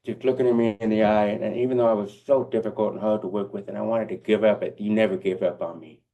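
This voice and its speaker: Man, deaf accent, keynote speaker, earnest and encouraging, low voice. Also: steady tone, quick pace, phone-quality sound. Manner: heartfelt, encouraging, speaks directly to the audience. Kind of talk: motivational keynote speech.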